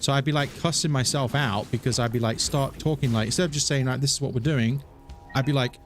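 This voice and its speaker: A man's voice: fast, soft background music. Rambling chatty male streamer. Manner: rambling, chatty, self-mocking; animated, jumps into higher voice quoting himself. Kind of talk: casual gameplay stream chat.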